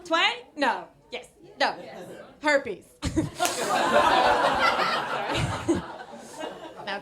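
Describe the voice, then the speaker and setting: A young Dutch woman doing a stand-up set with a mixed American and Irish twang, giggly and self-deprecating, with lots of hesitant fillers. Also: very high-pitched. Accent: Dutch speaker with American-Irish twang. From Netherlands. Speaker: stand-up comedian. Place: comedy club stage with laughing audience. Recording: live club recording with audience crowd noise.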